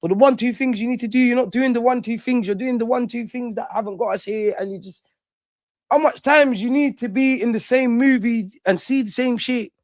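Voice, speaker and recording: A man rants casually on his own livestream, full of slang. His voice sits high, and he swings between loud outbursts and low mutters. The sound is dry and close, with no room around it. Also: fairly quick, no room sound. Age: 30s. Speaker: livestream host.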